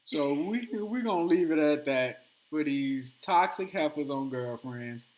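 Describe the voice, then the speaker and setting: A man hosting a podcast, telling a story in casual chat and acting out the quotes with animated energy. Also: fairly high pitch, measured pace. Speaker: podcast host.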